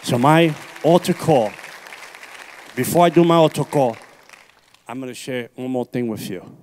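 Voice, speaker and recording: An impassioned male evangelist from New York City gives his testimony at a church service, speaking into a handheld mic. He hammers home his points by repeating phrases and swings between loud urgent peaks and low, hushed stretches, at a middling pitch. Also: normal speed, a faint crowd, slight background noise. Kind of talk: preaching a personal testimony. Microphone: handheld microphone.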